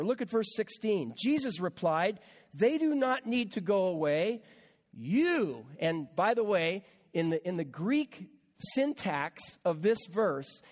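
High-voiced male preacher in a reverberant hall. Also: darkish tone. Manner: conversational preaching with repeated words and asides. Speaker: pastor. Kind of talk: sermon.

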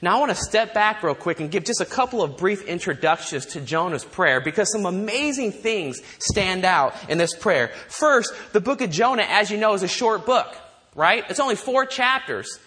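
A man preaching a sermon, animated, asking his listeners rhetorical questions. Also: high-pitched, moderate pace. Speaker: pastor.

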